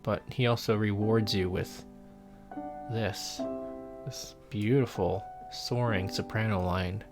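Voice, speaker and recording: This is a man with a fairly low voice giving a casual spoken analysis of piano music. He talks with eager enthusiasm and scats the melodies he is pointing out. Faint piano playing carries on behind him. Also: steady tone, slow pace. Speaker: music lecturer.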